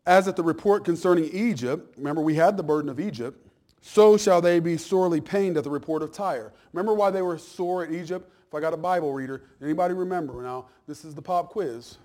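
A man, a pastor, preaching a conversational sermon, teasing the congregation and acting out little asides, swinging from loud emphasis down to quiet, low remarks. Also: quick pace.

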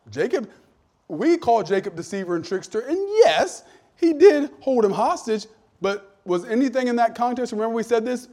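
A middle-aged male pastor, preaching a lively sermon full of personal stories, moving from jokey asides to loud rebukes. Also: fairly high pitch. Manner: animated, shifts from jokey asides to shouted rebukes.

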